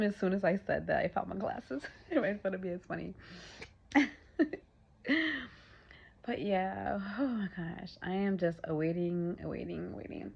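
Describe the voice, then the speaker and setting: Gravelly-voiced pregnant woman vlogging casually. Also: medium pitch, very animated, moderate pace, pauses often. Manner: chatty, laughs often, breathy asides. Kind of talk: casual chat. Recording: dull lo-fi sound.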